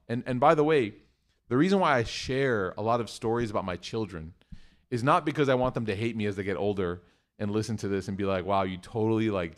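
Male teacher, 30s, mid-pitched, animated storyteller in a talk to a class. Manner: animated storyteller acting out family dialogue. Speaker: religious teacher. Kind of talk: storytelling lecture to a live class.

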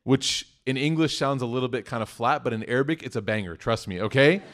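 A man giving a conversational sermon, telling a story and acting out the quoted voices with lively shifts, often checking in with "right?" and "okay?". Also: mid-range voice, fairly quick. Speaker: Islamic preacher.

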